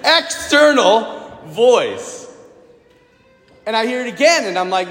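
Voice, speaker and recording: A man's voice: extremely high pitch, sing-song, slow pace, pauses often, fairly bright tone. A male priest preaching a sermon, sharing a personal story and asking the congregation direct questions. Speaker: Catholic priest. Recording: echoey hall with long reverb.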